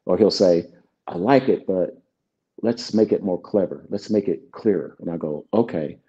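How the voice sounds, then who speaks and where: Low-voiced man telling studio stories. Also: normal speed, mellow. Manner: acts out both sides of past conversations. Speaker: songwriter and producer guest. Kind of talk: relaxed interview storytelling. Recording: dull lo-fi sound.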